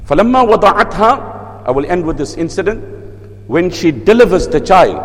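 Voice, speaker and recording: A male preacher giving a sermon, telling stories with lively asides and chanted recitation. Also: sits high. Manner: storytelling, lively asides, mixes in Arabic recitation. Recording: long hall reverb.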